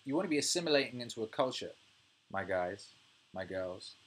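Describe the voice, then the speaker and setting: British male streamer in his thirties, casual, profane, animated ranting. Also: on the low side, a little fast. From United Kingdom. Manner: swears freely, animated rants, laughs often. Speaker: music producer and livestream host. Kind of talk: casual livestream chat reading viewer comments.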